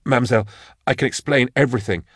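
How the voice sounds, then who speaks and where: A man's voice: mid-range voice, fast talker, a bit bright, slightly rough, no room sound, studio quality, pitched above the performer's own voice. A man voicing a nervous, flustered male scholar who stammers.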